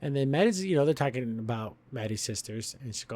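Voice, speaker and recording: A man's voice: mid-range voice, animated, quick pace, hardly any pauses, a little mellow. A man hosting a podcast, retelling a cartoon episode in a casual, rambling way and chuckling often. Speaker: podcast host reviewing a cartoon. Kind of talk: casual review commentary.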